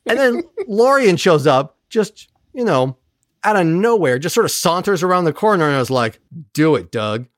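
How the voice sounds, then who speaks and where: A podcast host races through an episode recap in a casual, sarcastic tone, swearing and doing quick mimicry of characters. Their pitch swings widely and stays lively throughout. The recording is close and dry. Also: no room sound.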